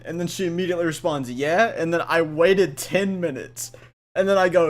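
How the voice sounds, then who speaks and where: Pitched on the high side and moving at a moderate pace, this young podcast co-host chats casually. His storytelling wanders, with lots of restarts and fillers, and he giggles frequently along the way.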